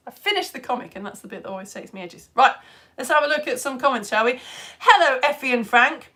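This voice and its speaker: A middle-aged woman from the UK with a cough and cold, chatting casually as she hosts a live children's science show and reads out viewer comments, giggly and at times dropping to soft asides. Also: high-pitched, animated, quick pace. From United Kingdom. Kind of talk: casual live-stream chat reading comments. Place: at home on the sofa.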